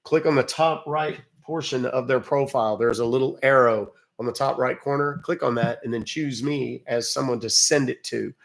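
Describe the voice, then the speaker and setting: A man's voice: medium pitch, normal speed, creaky, few pauses. A man hosting a livestream, chatting casually with viewers, wisecracking and swearing offhandedly. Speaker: livestream host calling scammers.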